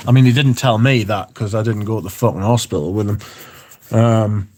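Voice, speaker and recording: Male streamer, mellow, rambling, sweary casual chat. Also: on the low side, fairly quick. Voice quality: swears freely, rambling anecdotes. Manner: chatty, repeats filler words. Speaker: livestream host.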